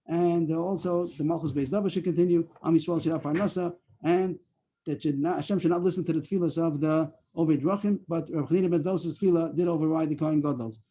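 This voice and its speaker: A man leads a Talmud study session over a video call. He talks quickly in a mellow, darkish voice and keeps restarting his sentences. He is a bit higher pitched than most men. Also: fairly even intonation. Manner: rambling, halting explanation with many fillers and restarts. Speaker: Talmud class leader.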